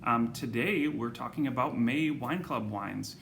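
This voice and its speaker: A man's voice: medium pitch, unhurried, creaky, fairly bright tone, slight background noise. A man hosting a wine club video, chatting casually with lots of ums and self-corrections. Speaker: wine shop host presenting monthly wine club picks. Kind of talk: casual video talk to camera.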